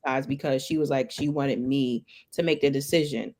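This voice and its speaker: A woman hosting a book club interview, asking long, curious questions in a relaxed, friendly way. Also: extremely low pitch, normal speed.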